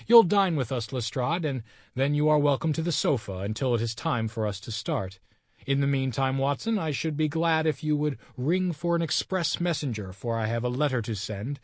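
A man reading the part of a clever detective, measured and quietly confident. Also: mid-range voice, dry recording, studio quality, close to an everyday voice. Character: cool clever male detective, calm and wry.

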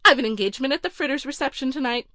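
A woman reading a storybook voicing a spoiled, demanding rich young lady who speaks high and excited. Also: very fast, no room sound, studio quality.

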